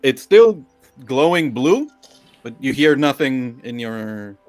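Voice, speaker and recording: A man running a tabletop game as game master, calmly describing scenes to the players. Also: medium pitch, slow, soft background music. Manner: calm descriptive narration.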